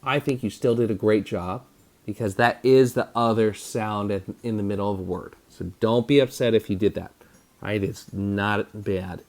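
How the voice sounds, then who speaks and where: A man teaching a phonics spelling lesson to children, sounding out words slowly and patiently and over-enunciating each syllable. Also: fairly low pitch, steady tone, darkish tone.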